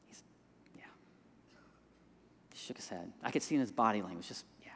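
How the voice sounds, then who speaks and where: A man telling a story in a sermon, dropping to hushed tones in quiet moments and rising when he stresses a point. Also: on the high side, huge pitch swings, brisk, pauses often, husky. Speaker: pastor. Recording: long hall reverb.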